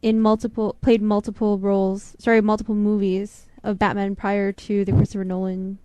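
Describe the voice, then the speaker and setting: A woman co-hosting a casual call-in show, teasing and quick to laugh. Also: medium pitch, little pitch movement, warm tone, clear, resonant tone.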